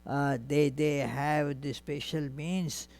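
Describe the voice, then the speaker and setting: A man, a monk, giving a spiritual lecture and retelling scripture stories in an unhurried way, with frequent hesitations. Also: fairly high pitch, little pitch movement, gravelly, a little mellow.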